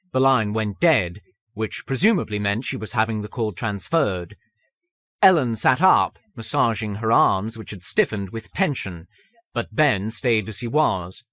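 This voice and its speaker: A man reading an audiobook in a measured, even manner. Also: lowish voice, no room sound. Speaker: audiobook narrator. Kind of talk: scripted narration.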